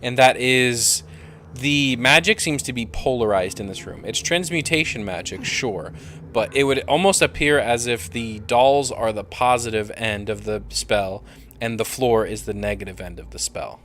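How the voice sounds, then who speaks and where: A man's voice: mid-range voice, moderate pace, a bit bright, a little hiss or hum. A man narrating as game master of a tabletop game, easygoing and prone to trailing off.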